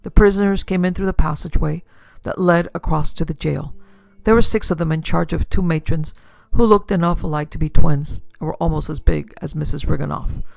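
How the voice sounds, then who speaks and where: A woman narrating a classic pulp detective story in a steady, measured way. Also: sits low, gravelly, no room sound. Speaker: narrator and producer. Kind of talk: scripted audiobook narration.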